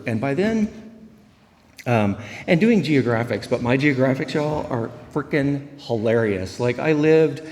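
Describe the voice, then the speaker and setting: At a recovery meeting, a man gives a rambling, humorous talk about his personal recovery, telling stories packed with fillers as an AA speaker. His mid-range voice is mellow, and the sound suggests a big room.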